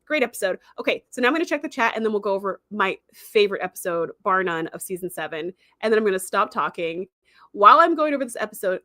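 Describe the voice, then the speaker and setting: A woman hosting a livestream, recapping a show in a chatty, animated way full of "like" and "um.". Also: medium pitch, no echo, clean studio sound. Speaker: livestream host. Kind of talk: casual episode recap.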